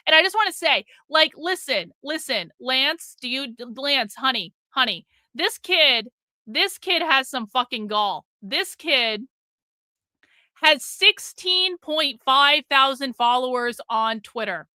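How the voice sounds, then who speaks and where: A woman's voice: sits high, expressive, takes it slowly, pushed and bright, dry recording. A woman hosting a live stream, ranting in a profane, combative way with a sarcastic, mocking edge, stopping to read and thank viewers' super chats.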